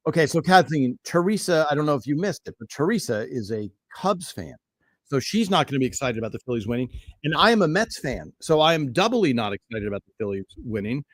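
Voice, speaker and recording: A man chats through a casual live stream from a small home studio, rambling and easily sidetracked. His voice sits at an ordinary middle pitch, and the sound is dry and close. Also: big pitch swings, quick pace, no echo. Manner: rambling, easily distracted, chatty with fillers.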